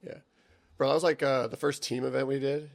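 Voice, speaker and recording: A man's voice: mid-range voice, level tone, a little fast, vocal fry. A young man chatting on a podcast, telling rambling stories full of swearing and filler words. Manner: rambling storytelling, heavy swearing, lots of "like". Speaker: podcast guest, jiu-jitsu athlete. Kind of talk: casual podcast chat.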